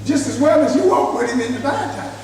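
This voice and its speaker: Middle-aged preacher with a high, folksy voice that often breaks into laughter, heard from a distance in a long-reverb church hall. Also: male voice, expressive, a little fast, darkish tone. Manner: folksy, laughs often, keeps asking the crowd if they follow. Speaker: traveling preacher. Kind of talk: sermon. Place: church sanctuary. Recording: echoey church hall, mic far off, faint hiss.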